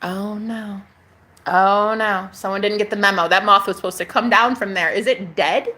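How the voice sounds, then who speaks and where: A woman's voice: medium pitch, fairly even intonation, normal speed, bright, forceful tone. A woman talking to camera in a sassy, profane spiritual vlog, calling viewers honey and repeating phrases for emphasis. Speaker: spiritual vlogger. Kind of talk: casual spiritual monologue to camera.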